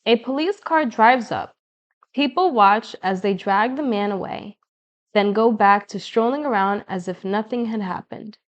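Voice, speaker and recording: A woman narrating an audiobook in the first person, with measured, expressive storytelling. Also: mid-range voice, lo-fi sound.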